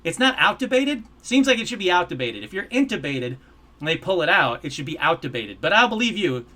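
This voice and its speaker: A man hosting a live call-in show, chatting casually and excitedly, poking fun at himself. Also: high voice, fairly quick. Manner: animated, self-mocking, easily excited. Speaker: host.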